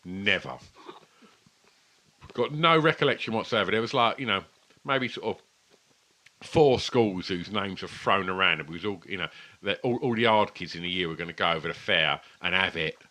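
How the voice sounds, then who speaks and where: Another podcast co-host, this man tells meandering, profanity-laced stories in a casual conversation over beers. His voice sits low yet sounds pushed and bright, and he talks at a normal pace.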